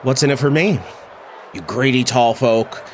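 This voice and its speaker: Casting: boastful, greedy little inventor, played by a man, pompous and self-important, mid-pitched. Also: unhurried, a little hiss or hum, lightly acted.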